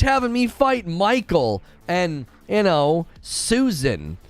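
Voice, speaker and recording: A man hosting a gaming channel, chatting casually with a live audience in an animated, ranting way and stumbling over hard names. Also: high-pitched, slow. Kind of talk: casual live-stream chat, reading viewer comments.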